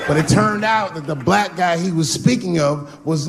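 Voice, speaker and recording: A middle-aged man performing a loose, swaggering stand-up set, jumping to sudden high exclamations. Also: moderate pace. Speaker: stand-up comedian. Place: large theater with audience. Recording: live crowd laughter, stage noise.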